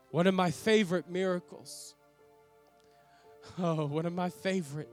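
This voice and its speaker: A man playing an earnest apostle in a dramatic first-person monologue, speaking with reverent, emotional awe. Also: sits high. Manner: reverent, emotional, lingering on sighed exclamations. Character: awestruck older male apostle, earnest ex-fisherman.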